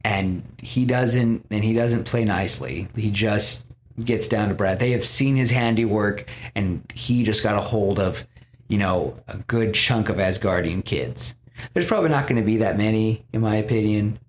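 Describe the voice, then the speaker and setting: Speaking at a normal speed in a voice on the low side, a man on his podcast walks through a film scene by scene, restarting often and quoting lines as he pitches it. A little hiss or hum sits under the recording.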